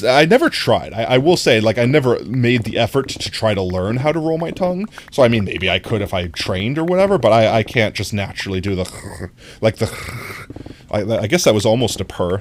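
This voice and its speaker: A man's voice: on the low side, slight background noise. A young man streaming live, rambling through casual chat and reacting to his viewers, with lots of fillers and easy laughter. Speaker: livestreamer.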